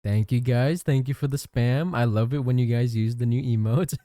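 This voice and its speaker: A male digital artist draws on a livestream, talking at normal speed with medium pitch. He's casual and chatty, thanking viewers, with lively rises and falls. Clean studio sound, no room reverb.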